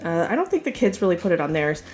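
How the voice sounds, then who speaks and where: Southern mom vlogger, chatty and rambly, lots of ums, lower voice. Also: female voice, sing-song, fast talker. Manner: chatty and rambling, many fillers and asides. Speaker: vlogger showing a grocery haul. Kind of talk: casual chat.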